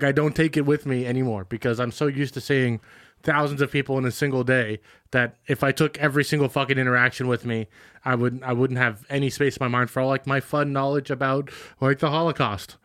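A young man in casual podcast chat, rambling and crude with deadpan dark humor. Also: mid-range voice, quick pace, dry recording, studio quality.

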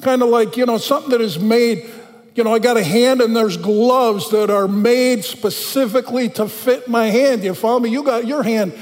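A man preaching a conversational sermon in a church, slowing down to read scripture aloud. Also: extremely high pitch, a little mellow, in a large hall. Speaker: pastor.

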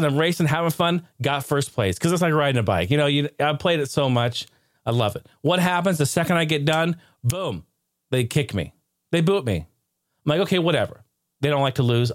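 A man hosting a casual live stream, excitable and ranting one moment, joking the next. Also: a little high, no echo, clean studio sound. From United States. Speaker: streamer and show host.

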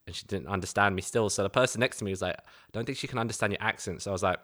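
A man's voice: lowish voice, fairly even intonation, racing, fairly bright tone. A man from East London with a Cockney accent, chatting casually and telling stories about moving abroad. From East London, England. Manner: chatty, storytelling, laughs easily. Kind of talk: casual conversation.

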